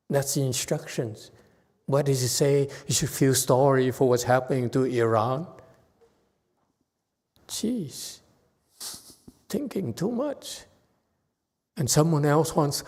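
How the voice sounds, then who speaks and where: A man's voice: mid-range voice, a little mellow, big-room sound. A man teaching a Buddhist Dharma lecture in a temple, blunt and sarcastic as he scolds his listeners. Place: temple hall.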